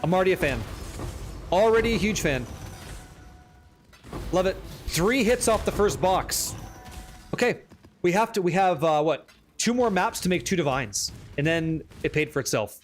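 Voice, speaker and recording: High-voiced excitable male game streamer. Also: moderate pace, pauses often, faint music behind. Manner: excitable, chatty, swears casually. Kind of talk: live gameplay commentary.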